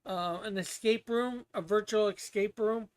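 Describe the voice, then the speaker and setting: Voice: mid-range voice, a little slow, clean tone. Rambling casual streamer. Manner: rambling, with restarts and laughs. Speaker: streamer hosting a guessing game. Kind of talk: casual livestream chat.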